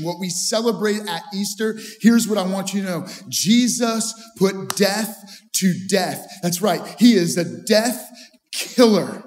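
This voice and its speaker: A man's voice: high voice, unhurried, big-room sound, faint music behind. A man pastor preaching a sermon in a church. He preaches with emphasis, repeats refrains and asks the audience rhetorical questions.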